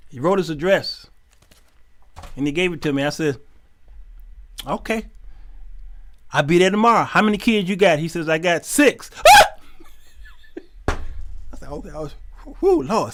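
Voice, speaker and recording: A man hosting his show, telling a comic story, animated and laughing often as he acts out the people in it. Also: high-pitched, takes it slowly, long pauses. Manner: animated, laughing often, acting out quoted voices. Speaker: show host.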